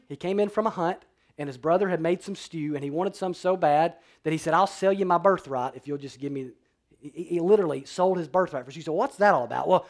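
A man pastor preaching a sermon, swinging between loud emphatic declarations and quiet, low-voiced passages.

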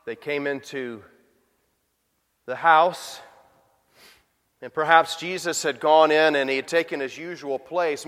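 Male pastor, high pitch, conversational sermon delivery with rhetorical questions, long hall reverb. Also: a bit bright.

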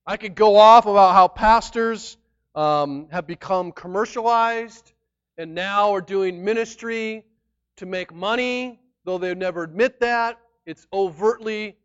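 Guy preaching a sermon, pretty high smooth voice, chatty and emphatic, kinda muffled recording. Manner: emphatic and conversational, shifting between loud and quiet. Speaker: pastor.

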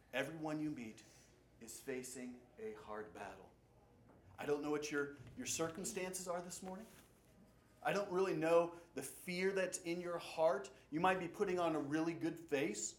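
A man preaching a sermon as pastor, swinging between loud urgent passages and quiet low ones. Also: roomy sound.

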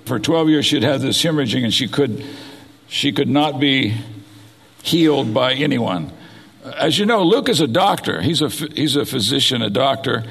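A man's voice: mid-range voice, animated, normal speed, vocal fry, a bit bright, slightly rough, in a large hall. A man preaching a sermon, reading scripture aloud and explaining it verse by verse. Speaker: pastor.

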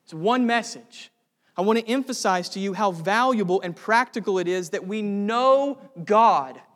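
A man's voice: sits high, normal speed, a bit bright, big-room sound. A male pastor preaching a sermon, earnest and building to fervent emphasis.

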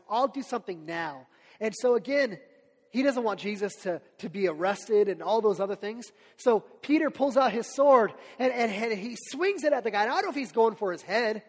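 A man preaching a sermon in a casual, animated storytelling way, as a pastor. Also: sits high. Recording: long hall reverb.

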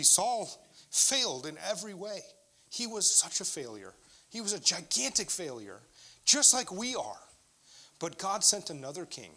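Pastor, male, middle-aged: sermon delivered as candid personal storytelling, higher than average pitch. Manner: conversational storytelling, candid and animated.

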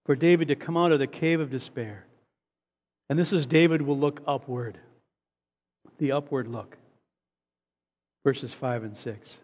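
A man's voice: fairly high pitch, darkish tone. A man preaching a sermon earnestly, often repeating a word as he builds to a point. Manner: earnest, repeats words when stressing a point. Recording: long hall reverb.

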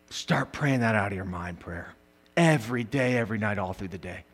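A male pastor preaching a sermon, animated, swinging between loud emphatic bursts and quiet asides, with frequent laughs. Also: mid-range voice, a little fast.

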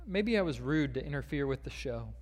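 A man's voice: mid-range voice, expressive, fairly quick, long reverb tail. A man preaching a sermon, with frequent fillers and restarts, reading a long quoted passage aloud. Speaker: pastor.

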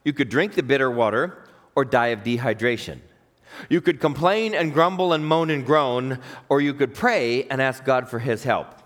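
A man's voice: medium pitch, moderate pace, long reverb tail. A man preaching a sermon, reading scripture and asking his listeners questions. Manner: lively, questions the congregation. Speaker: pastor.

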